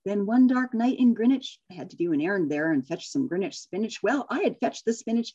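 Woman facilitator, husky tone, expressive storyteller, dull video-call sound. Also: fairly high pitch. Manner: expressive storytelling, laughs often, quick when chatting. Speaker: workshop facilitator. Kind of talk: reading a rhyming story aloud, then leading group discussion.

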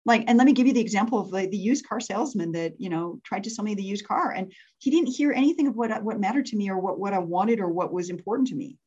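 A woman's voice: medium pitch, lively intonation, fast, few pauses, warm tone, slightly rough, lo-fi sound. A woman leading an interactive workshop for entrepreneurs. She laughs often and asks the group to raise their hands.

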